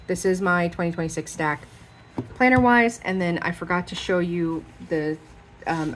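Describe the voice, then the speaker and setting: Chatty woman with a lowish voice. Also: a little hiss or hum. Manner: chatty, rambling, with many fillers. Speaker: planner vlogger. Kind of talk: casual show-and-tell chat.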